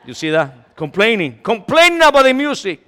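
Lively high-voiced preacher in a church hall. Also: male voice, a little fast, clean tone. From Latin America. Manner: animated, jokey, acts out complainers, mixes in Spanish. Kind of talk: sermon.

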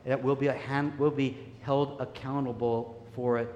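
A man preaching a sermon, earnest and animated, telling stories and urging listeners to keep growing. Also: medium pitch, normal speed, lo-fi sound, a little hiss or hum. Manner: earnest, animated storytelling, laughs easily. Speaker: pastor. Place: church sanctuary. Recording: echoey hall with faint ambience.

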